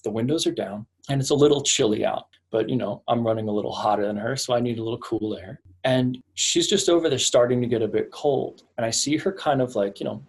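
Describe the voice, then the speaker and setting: A man in his thirties with a slightly husky, breathy voice at an ordinary pitch. He talks as an intimacy coach on an interview show, calm and grounded, walking through examples step by step. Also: brisk, few pauses. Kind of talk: conversational storytelling.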